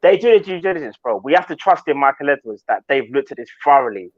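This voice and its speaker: A man's voice: medium pitch, animated, quick pace, no echo. A man co-hosting a casual live-stream chat, thinking aloud and hedging his opinions. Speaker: co-host. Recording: dry, dull lo-fi audio.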